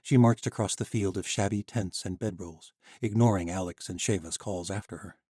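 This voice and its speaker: A man reading scripted audiobook narration in a steady, even way. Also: deep voice, normal speed, no echo, clean studio sound.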